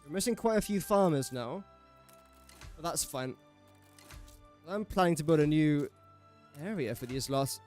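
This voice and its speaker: A young man with an English accent, talking casually as he plays, cracking jokes and chatting to the game characters. His voice sits a little high, with faint game music in the background. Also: lively intonation, measured pace, long pauses, a little mellow. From England. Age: young adult. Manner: chatty, jokey, talks to himself and the game characters. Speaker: gaming streamer. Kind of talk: casual gameplay commentary.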